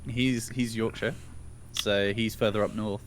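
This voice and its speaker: A man's voice: on the low side, steady tone, measured pace. A man from northern England with a standard southern English accent, chatting casually as a podcast co-host and laughing often. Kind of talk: casual chat.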